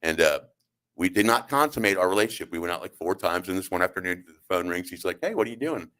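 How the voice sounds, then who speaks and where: A middle-aged man with a very deep, low-pitched voice hosts a talk radio show from the studio. He tells comic stories in a rambling, halting way and keeps acting out the other people's lines. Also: pushed and bright. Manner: rambling, halting, with acted-out quotes. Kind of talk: comedic storytelling on talk radio.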